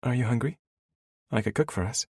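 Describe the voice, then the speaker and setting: Brief: a man doing a blunt young mother, teasing, voice raised high, a bit husky. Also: fairly quick, a little mellow, no room sound, studio quality, close to an everyday voice.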